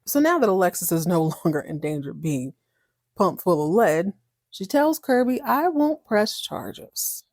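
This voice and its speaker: A woman's voice: on the low side, big pitch swings, normal speed, a little mellow, no room sound, studio quality. A woman hosting a podcast, recapping a TV soap in a chatty, sarcastic, joking way. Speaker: podcast host. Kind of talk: casual TV recap.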